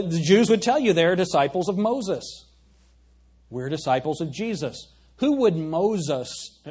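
Guy preaching a sermon, high husky voice, reads old bible verses then asks the crowd stuff. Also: darkish tone. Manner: reads King James scripture aloud, then retells it in plain speech; asks the congregation questions and calls for "Amen?". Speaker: pastor.

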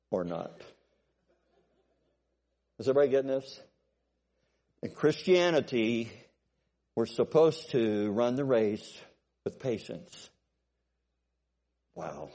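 An older man preaching a sermon to a congregation, swinging from loud exhortation to quiet, musing asides and asking for amens. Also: medium pitch.

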